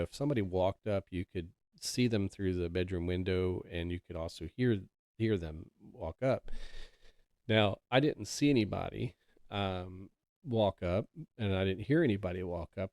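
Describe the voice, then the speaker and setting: A male podcast host tells a story in a loose, rambling way, full of ums and restarts. His voice sits low with a gravelly edge. The sound is dry and close, with no room around it. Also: darkish tone, no echo. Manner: rambling, filler-heavy, conversational. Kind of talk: casual storytelling.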